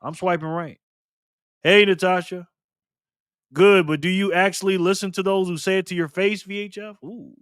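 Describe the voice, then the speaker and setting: A man's voice: sits high, steady tone, normal speed, a bit bright, clear, resonant tone, no room sound, studio quality. A man hosting a casual live stream, joking and chatty as he reads donations and chat messages aloud. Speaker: livestream host.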